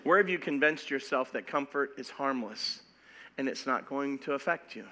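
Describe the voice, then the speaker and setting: A middle-aged pastor preaching a sermon in an animated, emphatic way, often stumbling and repeating words as he goes. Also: mid-range voice, normal speed.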